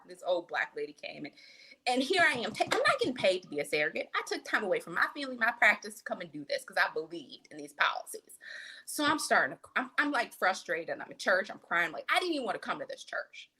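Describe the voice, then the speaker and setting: A woman physician, a podcast guest, telling an animated, emphatic story in casual conversation. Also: mid-range voice, quick pace, husky.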